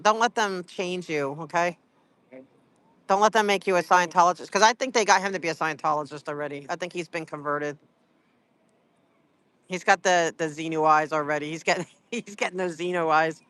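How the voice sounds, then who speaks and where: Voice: medium pitch, fairly quick, fairly bright tone, smooth, no echo. A livestreamer chatting casually with viewers from a street event, rambling and teasing, full of filler words. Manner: rambling, full of "like" and "you know".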